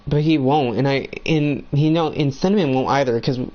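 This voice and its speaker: A man's voice: mid-range voice, moderate pace, darkish tone, muffled recording. A young man ranting bluntly about friends while playing a video game, swearing a lot in a heated, agitated way.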